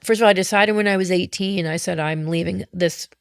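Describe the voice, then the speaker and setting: Middle-aged woman, low voice, earnest and reflective, interview guest. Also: fairly even intonation, a little fast, smooth, no room sound, clean studio sound. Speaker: guest, mother of an autistic daughter. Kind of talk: candid interview talk.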